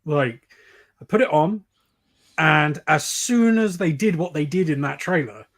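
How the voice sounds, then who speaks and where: A man on a video call, telling a story in an animated way on a geek news panel. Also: on the high side, unhurried, gravelly. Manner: animated, laughs while telling stories. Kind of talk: casual chat.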